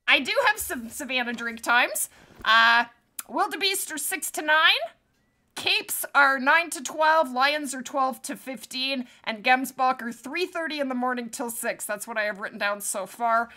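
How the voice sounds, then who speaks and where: Bright high-voiced woman streamer. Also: measured pace. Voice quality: bubbly, chatty, laughs often. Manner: greets chat viewers by name. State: back injury. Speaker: game streamer. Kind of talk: live stream chat.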